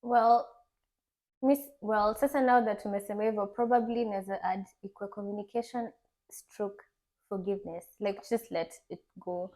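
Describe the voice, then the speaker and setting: A woman's voice: medium pitch, fairly even intonation, normal speed, darkish tone. Earnest young woman reasoning. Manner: earnest, reasoning, mixes Swahili into English. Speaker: podcast co-host. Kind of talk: casual chat.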